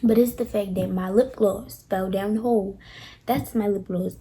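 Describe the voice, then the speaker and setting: A young woman vlogger telling a storytime tale to her viewers, animated and dramatic, talking straight to them. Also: medium pitch, normal speed. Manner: animated, dramatic retelling, addresses viewers directly. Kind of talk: casual storytime.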